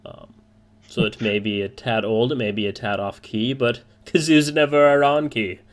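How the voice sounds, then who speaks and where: A man voicing a cheerful male bard shopkeeper in a sing-song voice, raised in pitch. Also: steady tone, normal speed, natural voice.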